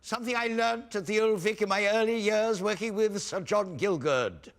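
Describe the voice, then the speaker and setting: An actor playing a camp, pompous veteran stage actor rehearsing as a pantomime dame, theatrical and full of himself. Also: male voice, high-pitched, normal speed. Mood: hammy. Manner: theatrical, pompous, speaks stage directions aloud. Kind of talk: TV comedy drama acting.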